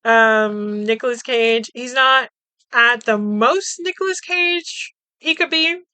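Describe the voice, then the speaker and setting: A woman's voice: on the high side, slow pace, sharp tone, smooth, no echo. A woman podcast host casually recapping a movie, chatty and swearing, laughing as she acts out the characters' lines.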